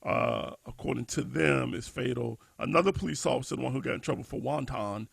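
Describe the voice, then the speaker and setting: A man's voice: medium pitch, fairly quick, creaky, breathy edge, no room sound. A man co-hosting a discussion podcast, thinking aloud with many restarts and fillers. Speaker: podcast co-host.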